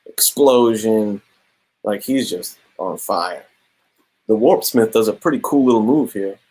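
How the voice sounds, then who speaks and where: Slangy man, husky low voice. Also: poor audio. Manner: slangy, animated storytelling with quick asides. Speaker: comic book reviewer. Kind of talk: casual comic review.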